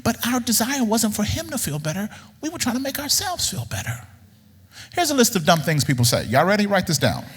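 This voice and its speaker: Preacher, male, high-voiced and wildly animated, blunt and teasing, long reverb of a big hall. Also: a little fast, slightly rough. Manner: blunt, teasing, swings from low mutters to high outbursts. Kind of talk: sermon.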